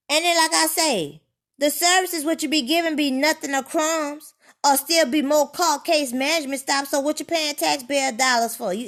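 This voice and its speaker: A woman ranting in a rambling, profane monologue, sliding from low grumbling into loud heated outbursts. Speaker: vlogger.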